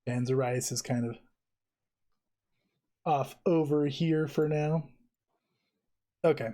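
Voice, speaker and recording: A man narrating a tabletop game as game master. He talks in a casual, easygoing way with plenty of fillers, his voice sitting a little high, and he's recorded over an online call. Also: fairly even intonation, slow pace, dark tone.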